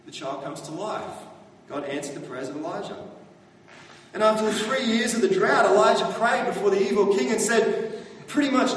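A man's voice: high voice, normal speed, slight background noise. A man preaching a sermon as pastor, talking in a conversational way and often asking the congregation questions. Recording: echoey hall from far off.

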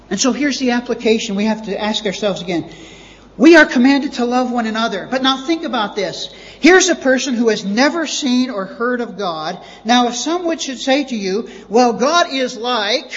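A man's voice: sits high, a bit bright. A man preaching a sermon as pastor, emphatic and repeating words for stress. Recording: dull lo-fi audio with long reverb.

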